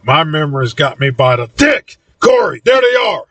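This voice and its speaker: A man's voice: mid-range voice, expressive, moderate pace, a bit bright, slightly rough, dry recording, recorded from a distance. A man voicing a cranky, blunt elderly man in his seventies in an audiobook reading.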